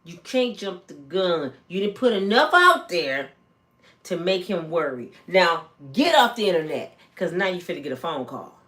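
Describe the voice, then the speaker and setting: A woman, telling celebrity gossip in a casual, animated storytelling way and acting out quoted lines in high voices. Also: moderate pace. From Michigan, USA. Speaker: gossip vlogger.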